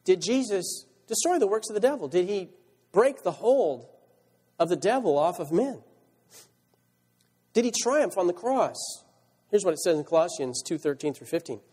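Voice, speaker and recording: High, lively preaching man in a church hall. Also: normal speed, pauses often, slightly rough. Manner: rhetorical questions, reads scripture aloud. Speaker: pastor. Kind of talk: sermon. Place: church sanctuary.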